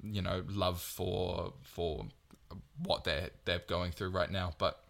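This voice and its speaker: Low, bright-voiced male podcast host. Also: little pitch movement, slow pace, gravelly. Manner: earnest, rambling with many restarts. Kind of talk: casual chat.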